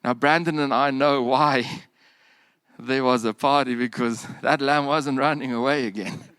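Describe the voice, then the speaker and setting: A man preaching a sermon, animated, with humorous asides and bursts of emphasis that drop to quiet. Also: mid-range voice, unhurried, clear, resonant tone, dry recording.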